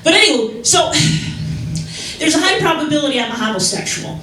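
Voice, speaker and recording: A young woman from Chicago doing a stand-up comedy set on a club stage, talking in a rambling, halting way with many restarts. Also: high-pitched, lively intonation, sharp tone. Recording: echoey room, mic heard from far off.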